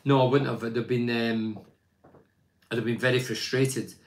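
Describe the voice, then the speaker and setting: A man's voice: medium pitch, fairly even intonation, moderate pace. An older man, a former footballer chatting casually about his club and reading out fan messages, blunt and opinionated with plenty of rambling restarts.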